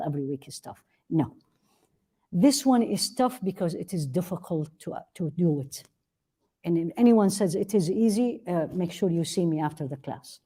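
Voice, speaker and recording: Warm-voiced woman teaching a religious class. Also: fairly low pitch, slightly rough. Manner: earnest, asks rhetorical questions and answers them; repeats key phrases for emphasis. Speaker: Islamic teacher. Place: classroom with a live audience.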